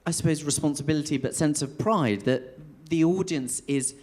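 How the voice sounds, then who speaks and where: A man's voice: on the high side, normal speed, darkish tone. A man interviewing a guest onstage in a theatre, hesitant and searching for his words. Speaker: interviewer, association chair.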